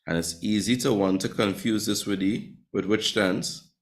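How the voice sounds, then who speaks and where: A man's voice: fairly low pitch, fairly even intonation, normal speed. A man teaching Spanish grammar to a class, quizzing students and often checking in with "right?". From Trinidad and Tobago.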